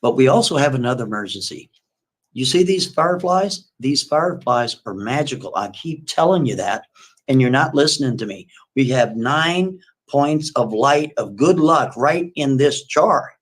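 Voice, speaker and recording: A man's voice: medium pitch, lively intonation, fairly quick, slightly rough. A man voicing a worried young man stranded in the snow, talking in an urgent, pleading, insistent way.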